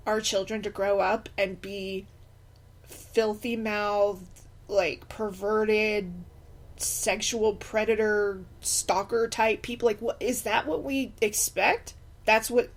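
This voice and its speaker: A middle-aged woman who is a single mother, talking through a podcast monologue in an impassioned, indignant way, with many fillers and restarts. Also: fairly high pitch. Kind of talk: unscripted personal podcast monologue.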